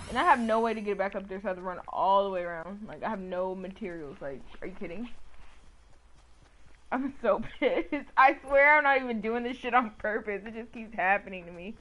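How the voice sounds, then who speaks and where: A woman's voice: mid-range voice, expressive, moderate pace. Profane, exasperated young woman streamer. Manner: profane, exasperated, talks to chat. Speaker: gamer streamer. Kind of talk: casual gameplay commentary.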